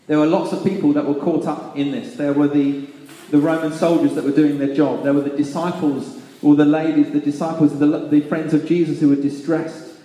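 A man preaching a sermon, reading scripture and then reflecting on it with restarts and pauses. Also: fairly high pitch, level tone, mellow. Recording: echoey hall reverb.

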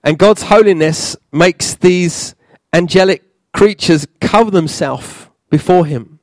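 A man preaching a sermon in a church, halting, with many fillers and restarts. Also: sits high, no echo.

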